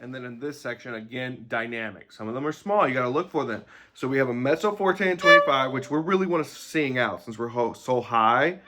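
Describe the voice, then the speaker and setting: A man teaching an instrument lesson, explaining notes, bowing and music terms in a relaxed, explanatory way with some fillers. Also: medium pitch, fairly quick.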